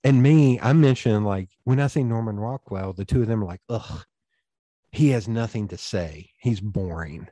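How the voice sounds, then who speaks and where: Man, warm mellow voice, dry close sound, rambling anecdotes with acted-out dialogue. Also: lowish voice, normal speed, no echo. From East Tennessee, USA. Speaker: podcast guest. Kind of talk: casual storytelling conversation.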